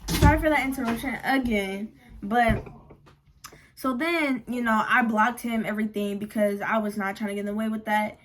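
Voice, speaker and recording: Young woman spilling a storytime, slangy and frank, kinda high voice. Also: normal speed, a little hiss or hum. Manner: animated, slangy, frank and profane. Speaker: vlogger. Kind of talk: casual storytime vlog.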